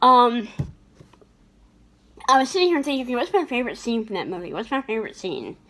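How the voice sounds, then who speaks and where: A woman's voice: on the high side, expressive, fairly quick, a bit bright. A woman chatting casually about her favorite movies, laughing often and restarting her sentences. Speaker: vlogger.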